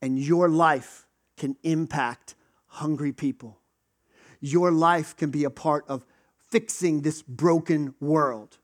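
A man with a high voice preaches a sermon. His delivery is conversational, and he breaks into quick acted voices for the people in the stories he tells. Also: steady tone. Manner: conversational, acts out quoted voices. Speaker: pastor.

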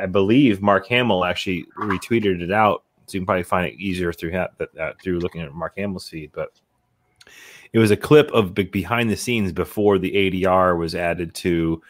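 A man with a low voice co-hosts a podcast and tells stories in a rambling way, stopping and restarting often. The sound is close and dry. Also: no room sound. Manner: rambling storyteller, many restarts. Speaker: podcast co-host. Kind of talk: casual podcast chat.

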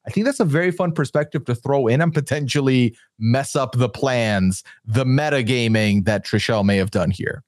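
Barely pausing, a podcast co-host with a medium-pitched voice and moderate pace chats playfully about a reality show episode, animated and excitable. The studio-quality audio has no echo.

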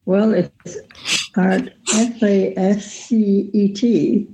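An older woman on a family podcast, slowly reading scrawled notes aloud, stumbling over words. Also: mid-range voice, fairly even intonation, warm tone, a little hiss or hum, rough recording. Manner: halting, stumbling over handwriting.

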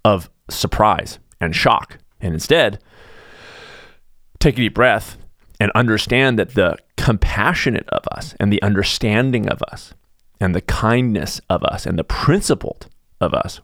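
Middle-aged guy ranting on his podcast, lowish voice, dry close mic, keeps jumping up high to mock people. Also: unhurried, no room sound. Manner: animated, ranting, mocking voices with sudden high jumps. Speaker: podcast host. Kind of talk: casual political monologue.

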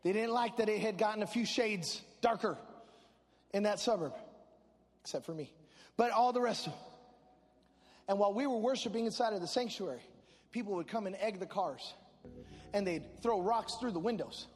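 A male preacher from Chicago giving a sermon, telling comic stories and rising into shouted preaching. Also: high-pitched, normal speed, long pauses, big-room sound. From Chicago, USA.

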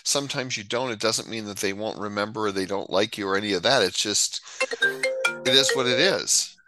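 A man's voice: lowish voice, moderate pace, loud music behind the voice, poor audio. A man hosting a podcast, chatting casually and tossing in joking asides. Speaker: podcast host. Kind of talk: casual chat.

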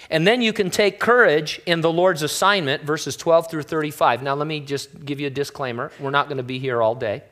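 Slightly high-voiced, chatty male preacher. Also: a little fast, few pauses. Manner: relaxed, chatty preaching with wry asides. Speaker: pastor. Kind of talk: conversational sermon.

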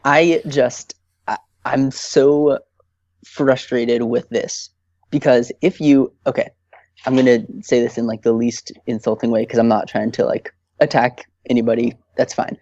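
Fired-up man, mellow voice. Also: mid-range voice, little pitch movement, a little slow, no echo, lo-fi sound. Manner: heated, emphatic, restarts often. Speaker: podcast guest. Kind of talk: casual chat.

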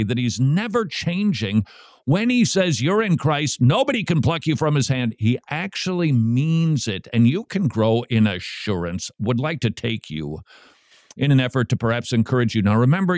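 Animated male Christian radio host. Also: mid-range voice, no room sound, clean studio sound. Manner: emphatic, rapid rhetorical questions, wry asides. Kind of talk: preaching talk show segment.

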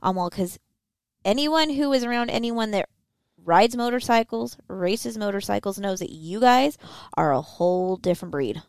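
A woman's voice: medium pitch, animated, normal speed, darkish tone, clean tone, dry recording. A woman co-hosting a podcast, telling a story in a teasing, chatty way and addressing listeners as y'all. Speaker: podcast co-host. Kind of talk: casual chat.

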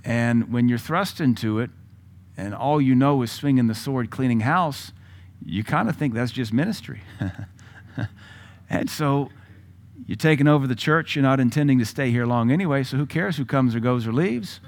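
A man's voice: mid-range voice, normal speed. A middle-aged male pastor preaching a sermon, telling a personal story with laughs and sudden swings in volume.

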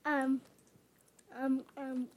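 A woman speaking as a podcast guest in a childlike way, halting and repeating short phrases. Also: high-pitched, level tone, a little mellow. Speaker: podcast guest, host's roommate. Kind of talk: casual chat as a podcast guest.

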